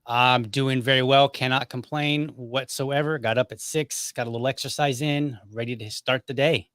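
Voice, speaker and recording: Relaxed, chatty male podcast host. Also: medium pitch, moderate pace, no echo, studio quality. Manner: relaxed, chatty, many "you know" fillers. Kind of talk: casual conversation.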